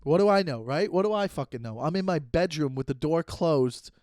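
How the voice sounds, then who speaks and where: A comedy podcast host rants solo and swears, restarting fast, recorded on a phone pointed at him in his bedroom with the door closed. His voice is a little high and mellow with lively intonation, and the sound is dry and studio quality.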